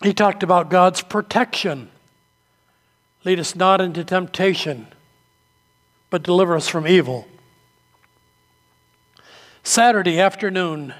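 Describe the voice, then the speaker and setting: High-voiced preacher in a reverberant hall. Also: male voice, fairly bright tone. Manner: storytelling preacher, acts out quoted voices. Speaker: pastor. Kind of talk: sermon.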